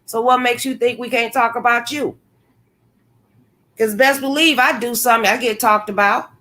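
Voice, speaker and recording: A woman with a slightly high voice hosts a casual livestream, talking straight to her viewers. She is blunt and animated, swearing freely as she comments and answers the chat. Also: normal speed. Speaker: livestream host. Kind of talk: casual live-stream commentary.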